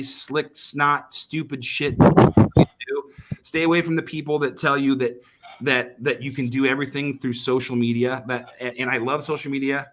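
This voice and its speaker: Emphatic man telling a sales story. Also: mid-range voice. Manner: emphatic, repeats words and restarts often. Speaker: sales trainer guest. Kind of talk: animated storytelling in a podcast chat.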